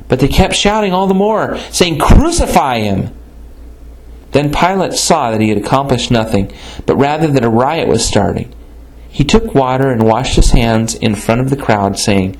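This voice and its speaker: In a low-quality recording, a man with a medium-pitched voice reads scripture aloud. His delivery is steady and plain, and now and then he stumbles over a word and corrects himself.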